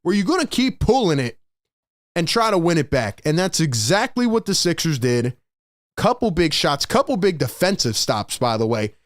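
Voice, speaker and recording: Animated man hosting postgame sports talk. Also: fairly high pitch, moderate pace, dry recording, clean studio sound. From Philadelphia area. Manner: animated, rhetorical, heavy use of "man".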